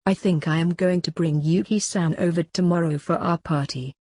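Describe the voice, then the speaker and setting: A woman voicing a bossy, sharp-tongued teenage little sister. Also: on the low side, fairly even intonation, normal speed, no room sound, close to an everyday voice. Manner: bossy, snappy.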